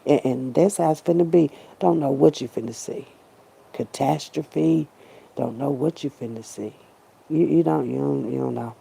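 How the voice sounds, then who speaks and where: A woman's voice: a bass voice, normal speed, creaky, warm tone, slightly rough, rough recording. A woman talking straight to her viewers in a casual, profane monologue, preachy and repetitive, with slangy asides and the odd rhyme. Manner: preachy, ranting, repeats herself. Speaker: vlogger.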